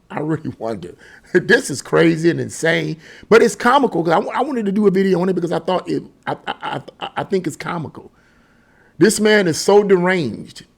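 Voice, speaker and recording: Gravelly-voiced man chatting through commentary. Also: on the high side. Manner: rambling and chatty, chuckling often. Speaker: political commentary vlogger. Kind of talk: casual opinion commentary.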